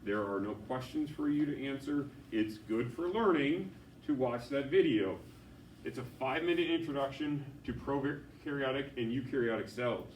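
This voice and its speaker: A man's voice: medium pitch, normal speed, a little hiss or hum. Man giving class instructions in an echoey room. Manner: repetitive, plain instructions. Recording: echoey classroom, far from mic.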